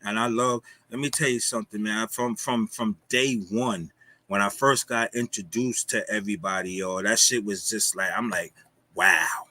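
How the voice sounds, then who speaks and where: Bright-voiced man telling street stories. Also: lowish voice, steady tone, normal speed. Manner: storytelling, loose street slang, lots of "yo". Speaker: guest. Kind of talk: casual livestream talk. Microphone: streaming call mic.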